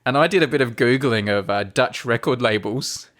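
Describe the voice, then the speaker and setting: A man's voice: medium pitch, normal speed, a bit bright. A man co-hosting a podcast in casual chat, reading out listener messages and laughing often as he goes. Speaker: podcast co-host.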